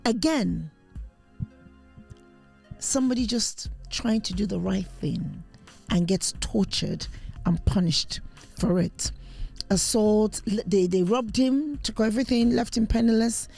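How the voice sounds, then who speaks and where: A woman's voice: medium pitch, takes it slowly, vocal fry, pauses often, mellow, breathy edge, soft background music. A woman co-hosting a podcast, telling news stories in a rambling casual chat with many restarts. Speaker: podcast co-host.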